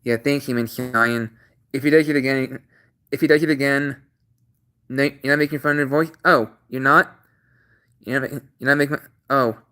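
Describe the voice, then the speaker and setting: A man hosting his own channel stream, laying out chat rules in a halting, repetitive way with many restarts, earnest and apologetic at times. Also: medium pitch, fairly even intonation, pushed and bright, smooth. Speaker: channel host. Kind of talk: casual livestream talk.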